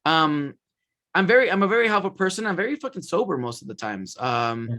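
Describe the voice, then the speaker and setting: Casual podcast guy from the West Coast with a slightly high voice; loose, filler-heavy storyteller who curses freely. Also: big pitch swings, fairly quick, pushed and bright.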